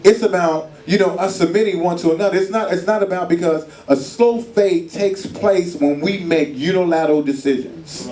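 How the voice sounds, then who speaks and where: A man's voice: high-pitched, normal speed, few pauses, dark tone. Man preaching colloquially in an echoey hall. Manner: colloquial storytelling with acted voices. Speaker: preacher at a marriage retreat. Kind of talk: sermon. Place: hall at a church retreat. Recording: echoey room, mic far off.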